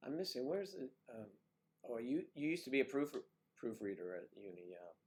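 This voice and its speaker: Man, livestream host, casual chat, jokey, quiet whispered asides, mid pitch. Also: sing-song, brisk. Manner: chatty and joking, drops into quiet, half-whispered asides. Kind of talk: casual chat reading viewer comments.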